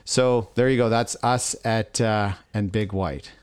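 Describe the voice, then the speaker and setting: A man's voice: lowish voice, fairly even intonation, measured pace, darkish tone, clean tone, no room sound, studio quality. A middle-aged man from Canada co-hosting a podcast, chatting casually and telling a long story in a rambling way, acting out what others said. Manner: rambling storyteller, acts out quotes. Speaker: podcast co-host. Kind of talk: casual chat.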